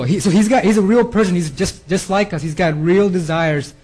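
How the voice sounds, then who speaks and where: A man's voice: a little high, moderate pace, darkish tone, slightly rough, rough recording. A man preaching a sermon in an earnest way, often repeating words and restarting his phrases. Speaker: preacher giving a theme talk.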